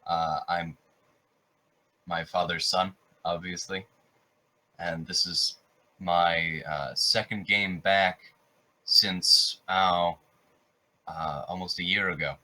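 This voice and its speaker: A man introducing himself as a tabletop player, halting with many pauses. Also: sits low, steady tone, bright, forceful tone.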